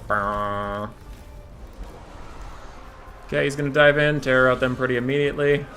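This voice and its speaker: A man's voice: fairly high pitch, flat delivery, rapid-fire, fairly bright tone. A young man commentating his own strategy game match, sarcastic and profane, sometimes breaking into outbursts at his units. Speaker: gamer streamer. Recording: faint game music behind.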